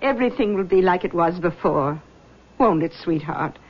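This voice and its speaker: A woman's voice: fairly low pitch, expressive, moderate pace, breathy edge. An actress playing a doting middle-aged mother with an interest in the occult, fussing and defensive, in a 1970s radio drama. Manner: fussing, defensive, sweet-talking. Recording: dull lo-fi old radio recording with faint hiss.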